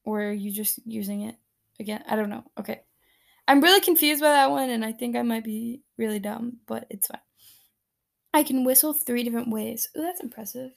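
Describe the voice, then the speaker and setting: Woman rambling on her podcast, kinda high voice with lots of fry, giggly, lots of ums. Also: fairly quick. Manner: chatty, giggly, rambling with many fillers and restarts. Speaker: podcast host. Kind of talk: casual solo podcast reading listener answers. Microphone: podcast microphone.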